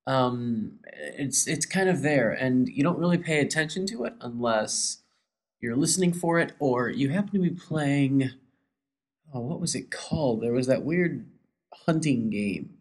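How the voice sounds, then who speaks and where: A man talking loosely to his listeners as host of his own show. His voice sits at an ordinary, middle pitch, and he wanders from thought to thought, filling pauses with ums. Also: expressive. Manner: rambling, hesitant, many ums. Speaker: podcast host. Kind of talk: casual solo chat.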